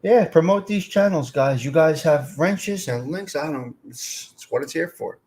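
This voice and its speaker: A middle-aged man hosts a live stream in a blunt, streetwise way. His voice sits a little high for a man. He talks straight to his chat as if they were at the table with him. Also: lively intonation, moderate pace, darkish tone. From North Jersey. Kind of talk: casual live chat reading comments.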